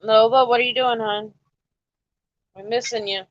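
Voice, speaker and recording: A woman's voice: on the high side, fairly even intonation, moderate pace, no echo, muffled recording. A woman casually chatting with her livestream viewers, coaxing and teasing them to join in. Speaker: livestream host. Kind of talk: casual live-stream chat with viewers.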